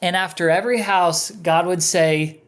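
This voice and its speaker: A man's voice: high voice, moderate pace. A man on a podcast telling a personal story in a candid, conversational way, bringing it to life by acting out what other people said. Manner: animated storyteller who acts out other people's lines. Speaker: podcast guest.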